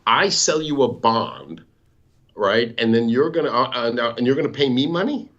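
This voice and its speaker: A man guiding listeners through charts on a live show, patient and teacherly. His voice is slightly husky and moves up and down a lot. The call audio sounds dull and lo-fi. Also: mid-range voice, animated, moderate pace, a bit bright. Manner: patient, teacherly, explains step by step. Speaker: guest bond market expert. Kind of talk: explaining charts in a live talk.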